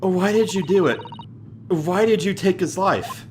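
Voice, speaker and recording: A man's voice: high voice, unhurried, background noise, pitched above the performer's own voice. Susato, a man doing a formal young woman. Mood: accusing. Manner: stiff formal phrasing, accusing. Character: polite earnest young woman assistant, formal.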